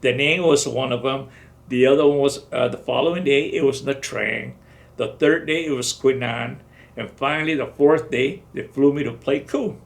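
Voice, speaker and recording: A man's voice: mid-range voice, moderate pace, creaky. A man in his seventies, a veteran in an oral history interview, telling his stories in a rambling way and acting out the dialogue. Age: 70s. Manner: rambling storytelling, acts out dialogue.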